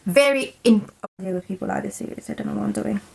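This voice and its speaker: A woman's voice: mid-range voice, fast, creaky, a little mellow, a little hiss or hum, rough recording. A young woman chats straight to her viewers, giggly and chatty. She keeps apologising as she goes, sounding casual and unscripted. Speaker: vlogger. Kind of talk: casual chat to camera, reading messages aloud.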